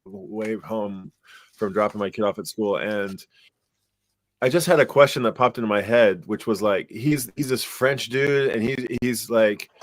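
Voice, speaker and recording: A middle-aged man co-hosting a podcast, telling stories in a rambling, animated way with lots of fillers. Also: lowish voice, measured pace. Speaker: podcast co-host. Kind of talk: casual chat.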